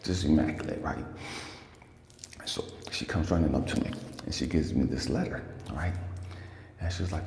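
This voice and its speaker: A man's voice: very deep voice, normal speed, pauses often, warm tone. A young man, a life coach, telling a story to camera in a heated, profane rant. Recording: echoey room with long reverb, faint ambience.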